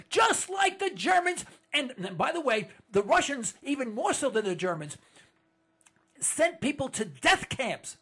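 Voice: sits high, very animated, a little slow, fairly bright tone, slightly rough. A political commentator delivering an indignant monologue to listeners, full of rhetorical questions and stammered restarts.

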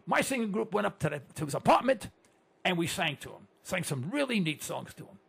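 A man's voice: high voice, big pitch swings, brisk, vocal fry, fairly bright tone, slightly rough. A man in his sixties, a broadcaster talking to his listeners in a chatty monologue, telling stories and asking rhetorical questions with lots of repeated words. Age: 60s. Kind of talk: conversational monologue with anecdotes.

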